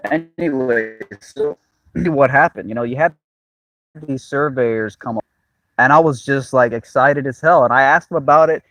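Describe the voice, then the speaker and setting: A man's voice: fairly high pitch, fairly bright tone, no echo, rough recording. A young man, hosting a casual, rambling monologue to a live chat, swearing freely and laughing at his own jokes. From Miami, Cuban-American. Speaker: channel host.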